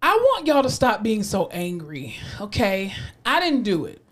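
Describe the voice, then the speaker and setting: A South Florida woman co-hosts a podcast in casual chat, sassy and emphatic with a slight drawl. Her medium-pitched voice swings widely in pitch, has a fairly bright tone, and moves a little slowly.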